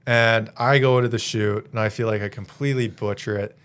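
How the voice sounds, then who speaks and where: A young man in his twenties from Canada, a podcast guest telling a story in a casual, slangy, animated way and laughing as he goes. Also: lowish voice, a little fast, smooth. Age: 20s.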